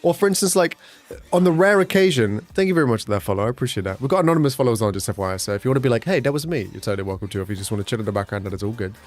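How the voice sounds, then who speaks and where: A young man chatting casually with his livestream chat, talking fast and swearing, with his pitch jumping up whenever he quotes someone. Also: expressive, faint music behind. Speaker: streamer.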